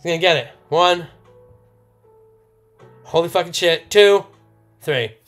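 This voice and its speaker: A young man live-streaming a card opening, loud and swearing, laughing and shouting with excitement. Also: a little high, slow pace, faint music behind. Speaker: streamer opening trading cards.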